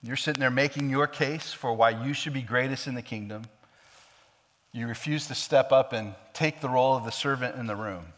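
An emphatic male pastor delivering a sermon in a church sanctuary, his voice at a middling pitch. He repeats his key phrases and swings between hushed and loud. A long hall reverb trails his words. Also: brisk.

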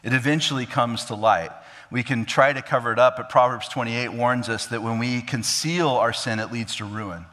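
Earnest male pastor, bright voice, hall reverb. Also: mid-range voice, normal speed. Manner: earnest, acts out scripture scenes. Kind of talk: sermon.

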